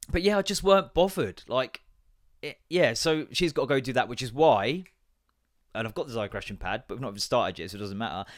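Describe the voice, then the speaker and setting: An English man in his thirties hosts a solo podcast in a loose, rambling way. He jumps between stories, swears freely and slips into put-on voices when he quotes people. His voice sits at an ordinary middle pitch. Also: fairly bright tone. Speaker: podcast host. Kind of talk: casual solo chat.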